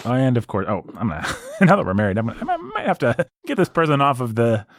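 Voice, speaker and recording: Podcast host, man, teasing and animated, close dry studio mic. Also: mid-range voice, fast talker, no echo. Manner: playful, teasing. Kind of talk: casual podcast chat.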